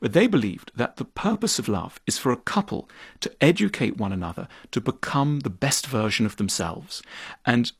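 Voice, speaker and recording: A man being interviewed about his book, explaining his views with lively gestures of speech and acting out imagined exchanges. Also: mid-range voice, normal speed, creaky, slightly rough, dry recording, clean studio sound. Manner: animated, acts out imagined dialogue. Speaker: author. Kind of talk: interview conversation.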